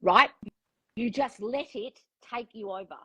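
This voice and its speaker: A woman's voice: a little high, a little slow, sharp tone, slightly rough, no room sound, rough recording. A woman coaching a client one-on-one, frank and direct, giving instructions and acting out the thoughts she wants the client to have. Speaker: relationship and manifestation coach.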